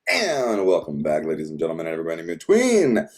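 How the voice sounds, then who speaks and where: A man narrating a tabletop role-playing game as game master, relaxed and halting, with frequent pauses. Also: sits low. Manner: relaxed, many fillers and restarts.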